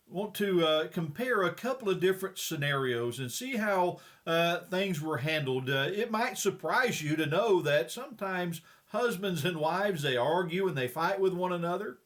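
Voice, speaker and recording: High-voiced plain-spoken preacher. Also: male voice, expressive, normal speed, few pauses, a bit bright. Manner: folksy, plain-spoken, frequent hesitations. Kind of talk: sermon.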